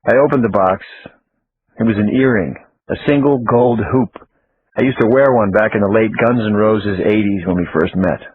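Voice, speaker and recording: A man narrating an audiobook in the first person, plain and steady. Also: lowish voice, moderate pace, slight background noise. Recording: tinny phone-like audio, faint music.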